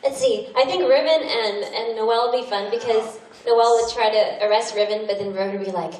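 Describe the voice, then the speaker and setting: A woman's voice: fairly high pitch, brisk, darkish tone. Bubbly, laughing female panelist. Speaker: voice actress panelist. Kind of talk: convention panel talk. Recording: echoey hall mic from far off, noisy.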